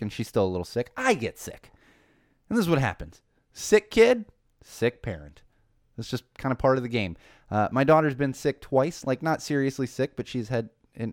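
A man in his thirties hosting a casual chat show, telling stories in a lively way and building to a passionate point. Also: medium pitch, dry recording, clean studio sound. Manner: animated storytelling, rising to passionate emphasis. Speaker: podcast host.

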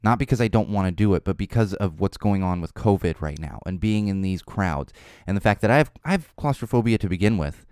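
Man, podcast host, low voice, lively swings in pitch, smooth and clear, dry close sound. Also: a little fast, no room sound. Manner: animated, laughs often, swears casually. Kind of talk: casual monologue.

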